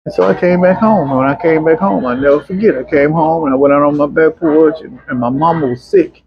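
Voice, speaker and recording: Husky man telling his story. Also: on the high side, a little fast. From Arkansas, USA. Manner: animated, acts out the voices of people in his stories. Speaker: interview guest. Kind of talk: personal storytelling in a casual interview. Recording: dull, muffled lo-fi sound.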